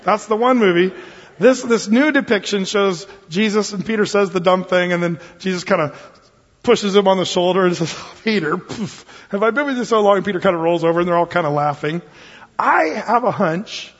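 A man preaching a sermon as pastor, in a conversational, joking way. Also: high voice. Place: church sanctuary. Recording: reverberant hall, dull lo-fi sound.

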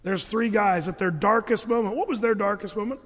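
A man's voice: high voice, brisk, fairly bright tone, long reverb tail. A man pastor preaching a sermon, telling Bible stories in a casual, humorous way. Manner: conversational, humorous storytelling preacher.

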